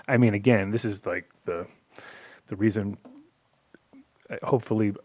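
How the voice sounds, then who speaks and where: A man chatting on a podcast in a loose, rambling way, his low voice often sinking into soft mumbles. The recording is dry and close, with no room sound. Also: dry recording. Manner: rambling, laid-back, drifts quiet and mumbly. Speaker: podcast co-host. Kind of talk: casual chat.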